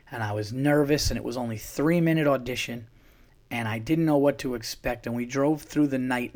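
A comedian from New York, a man telling a long story casually, rambling and swearing with many restarts. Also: medium pitch. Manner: rambling, profane, with frequent restarts. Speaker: comedian, podcast host.

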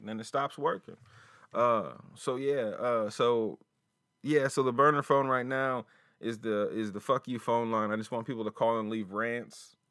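A man's voice: medium pitch, steady tone, normal speed, a bit bright. Profane, rambling male podcast host. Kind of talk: casual solo podcast talk. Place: small closet home studio.

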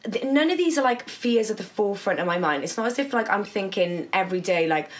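A young Welsh woman, a guest on a podcast, talking in casual chat with animated, sing-song storytelling. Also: medium pitch, quick pace. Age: young adult.

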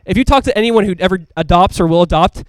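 Male pastor, fairly high voice, rapid, chatty and emphatic sermon delivery, dry sound. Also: clean tone, no room sound. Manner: casual, conversational preaching with frequent asides.

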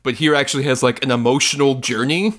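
A man co-hosting a casual film podcast, excitable and loose-tongued, often swearing as he chats. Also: mid-range voice, quick pace, a little hiss or hum. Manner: excitable, swears freely, acts out movie scenes. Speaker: podcast co-host.

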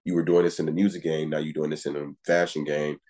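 A man's voice: rumbling low, flat delivery, fast, a little mellow. A man co-hosting a podcast in casual chat, rambling and repeating fillers like "it's just like" and "you feel me". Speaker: podcast co-host.

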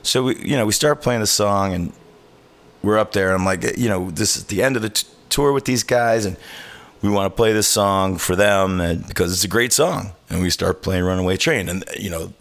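A man's voice: lowish voice, moderate pace, gravelly, a bit bright. A man hosting a podcast, telling a road story in casual chat, acting out quotes and swearing freely. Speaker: podcast host.

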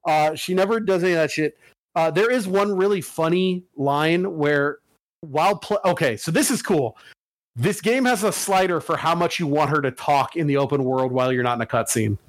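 A man's voice: a little high, moderate pace, no room sound. A man hosting a casual podcast chat, rambling and profane, with many restarts.

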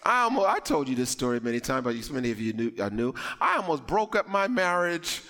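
A man who grew up in the West Indies, preaching a sermon with animated, comic storytelling that builds to shouts. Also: medium pitch, a little fast, in a large hall. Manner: animated, acts out dialogue in comic voices. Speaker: pastor.

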